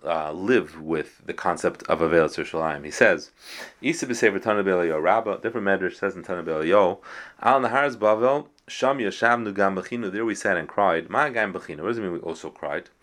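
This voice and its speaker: Guy giving a torah class, lowish voice, reads hebrew then explains in english, lots of uhs. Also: fairly quick, fairly bright tone. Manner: mixes Hebrew quotes with English explanation, with frequent fillers. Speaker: Torah teacher. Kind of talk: Torah lecture.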